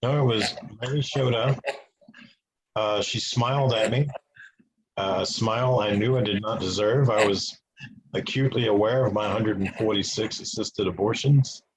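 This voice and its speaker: A man's voice: fairly low pitch, normal speed. A man giving an earnest personal testimony as an interview guest. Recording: noisy with clicks.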